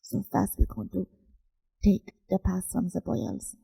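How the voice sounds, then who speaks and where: A woman voicing a gentle nun nurse soothing a plague patient in a whispered role-play, with a vague put-on foreign accent and a soft, slow, apologetic murmur. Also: medium pitch, fairly even intonation, vocal fry, breathy edge, heavily acted, poor audio.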